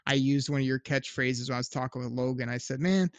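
A man's voice: medium pitch, completely flat delivery, fast, clean tone, no echo. A man co-hosting a podcast, chatting casually about football with frequent restarts and laughs. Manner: rambling, laughs often, many restarts. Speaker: podcast co-host. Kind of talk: casual sports chat.

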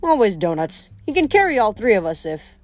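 A woman's voice: mid-range voice, very animated, a little fast, close to an everyday voice. A woman voicing a wry, joking teenage boy demigod. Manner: dry, joking.

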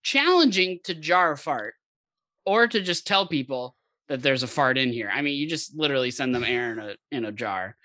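A co-host on a casual podcast, cutting in with playful wisecracks. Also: male voice, mid-range voice, expressive, bright, forceful tone, no echo. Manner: quick playful interjections and wisecracks.

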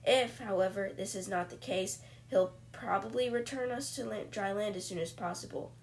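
A woman voicing a cautious male professor who reasons calmly. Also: medium pitch, normal speed, a little hiss or hum, lightly acted.

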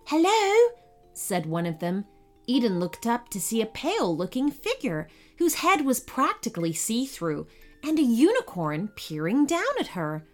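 A woman narrating a children's story in a slow, expressive, animated reading voice. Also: fairly high pitch. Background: faint music.

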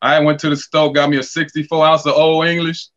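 A man telling stories in a casual podcast chat, animated and profane, acting out quoted dialogue. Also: a little high, brisk, muffled recording. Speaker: podcast guest, former college basketball player.

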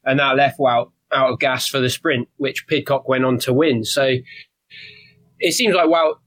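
A man from Britain with a British accent, a podcast guest who explains in a wry, measured way. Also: medium pitch, fairly even intonation, fairly bright tone, dry recording, poor audio. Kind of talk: casual analytical chat.

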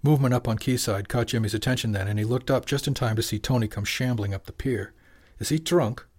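Man, audiobook narrator, steady, even storytelling, mid-pitched. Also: fast talker. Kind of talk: scripted narration.

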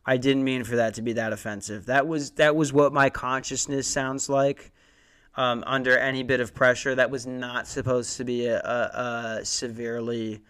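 Smooth-voiced rambling young podcaster. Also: male voice, mid-range voice, fairly bright tone. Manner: rambling, profane, self-mocking. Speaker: podcast host. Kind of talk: comic podcast storytelling.

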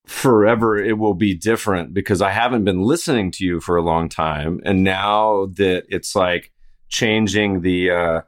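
A host from the United States runs a casual interview podcast at a moderate pace in a low voice. Cheerful and talkative, he introduces his guest, reads an ad, and kids around.

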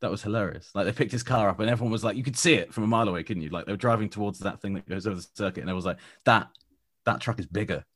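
A man's voice: on the low side, rapid-fire, fairly bright tone. A young man co-hosting a podcast, chatty, laughing and mimicking others. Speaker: podcast co-host. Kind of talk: casual chat.

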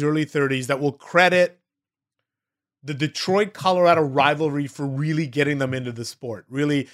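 Eager, higher-voiced man podcast co-host. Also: fairly bright tone. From Canada. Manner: eager, rapid bursts, audience-addressing. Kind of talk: casual sports chat.

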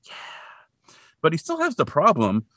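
Podcast co-host, lively bright man, recaps a film scene, jumps into high voices for the characters, dry close sound. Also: measured pace, no room sound. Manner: animated, acts out characters in high put-on voices. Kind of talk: casual chat retelling a film.

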